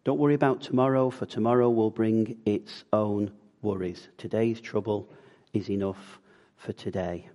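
Low-voiced male preacher asking questions. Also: fairly even intonation, moderate pace, dark tone. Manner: conversational, asks the congregation questions. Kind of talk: sermon.

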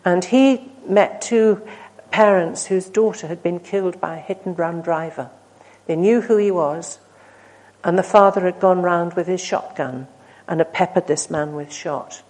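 A woman preaching a sermon, earnest and storytelling, swinging from emphatic peaks to hushed, near-whispered asides. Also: fairly low pitch, measured pace, low-quality recording. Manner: earnest, rising to emphatic then dropping to hushed.

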